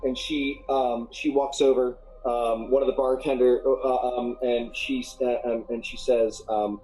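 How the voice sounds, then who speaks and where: A man's voice: medium pitch, little pitch movement, measured pace, warm tone, soft background music, low-quality recording. A man narrating as game master of a tabletop game, rambling with many fillers and restarts.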